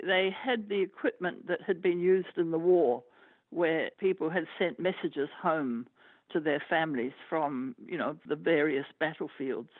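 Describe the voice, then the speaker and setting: A man's voice: on the high side, a little slow, no echo. Male expert on a tinny line. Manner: thoughtful, explanatory, with restarts. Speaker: expert interviewee. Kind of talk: interview. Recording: tinny, dry phone-like sound.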